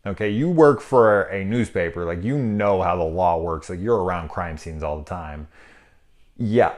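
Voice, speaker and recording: A man's voice: low voice, moderate pace. A man in his thirties giving a casual, rambling movie review, full of swearing and sarcastic asides. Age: 30s.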